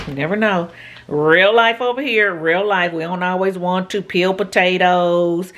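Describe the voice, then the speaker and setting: Low-voiced woman chatting in her kitchen. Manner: chatty, talks straight to viewers with homey asides. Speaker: vlogger. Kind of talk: casual cooking vlog chat. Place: home kitchen.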